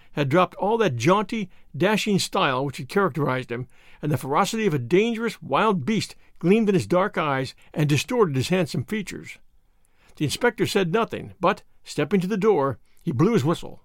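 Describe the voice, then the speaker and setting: A man narrating a detective story in an animated, dramatic reading. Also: fairly high pitch, moderate pace, dry recording, clean studio sound. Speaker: audiobook narrator.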